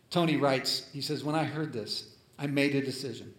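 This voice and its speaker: A male preacher telling a story in a sermon, dramatic and swinging between loud and hushed. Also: mid-range voice, moderate pace. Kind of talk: sermon storytelling, reading a letter aloud. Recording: echoey room.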